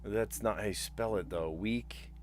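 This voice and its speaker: Streamer, male, low voice, casual think-aloud puzzle talk, faint music underneath. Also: a little slow, darkish tone. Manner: thinks aloud, muttering guesses; chatty with viewers. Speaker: streamer solving word puzzles.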